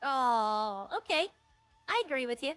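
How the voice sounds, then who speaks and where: Woman with a drawl chatting through a game roleplay, kinda high pitched, dry sound, faint music behind. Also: sing-song, unhurried, fairly bright tone, clean tone, dry recording. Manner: rambling, talks to herself while playing. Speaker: roleplay streamer.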